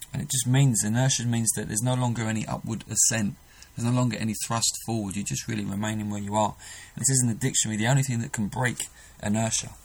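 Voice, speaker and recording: A man's voice: fairly low pitch, gravelly, husky, rough recording. A man preaching a sermon, earnest and emphatic, often restarting his sentences.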